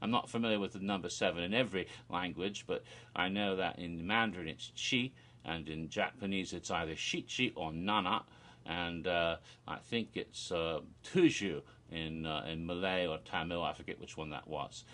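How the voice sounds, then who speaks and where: A man casually retelling a spooky promo video for his vlog in an animated, rambling way, with fillers and restarts. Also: deep voice, normal speed. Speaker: theme park vlogger.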